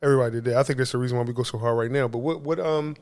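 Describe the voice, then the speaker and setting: A man, co-hosting a podcast in casual chat, excitable and profane, acting out quotes with a louder voice. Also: mid-range voice, racing. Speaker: podcast co-host.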